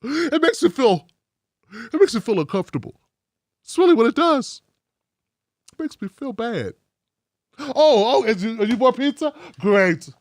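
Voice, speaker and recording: A petulant, grumbling TV viewer, put on by a man who whines in a high, exasperated voice. The sound is dry and close, with sarcasm in every complaint. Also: lively intonation, a little slow, pauses often, no room sound. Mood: whining. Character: whiny petulant bigoted male TV viewer.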